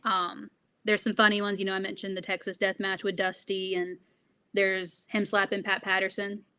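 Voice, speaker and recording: A woman's voice: medium pitch, little pitch movement, normal speed, sharp tone, smooth. Earnest young woman being interviewed. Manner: earnest, with frequent laughs and fillers. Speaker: guest. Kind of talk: interview conversation.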